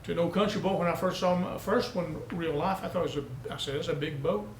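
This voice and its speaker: A man's voice: sits high, fast, roomy sound, slight background noise, poor audio. A male pastor preaching a sermon, telling down-home country stories and building to emphatic peaks. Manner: folksy storytelling preacher, rising to emphatic peaks.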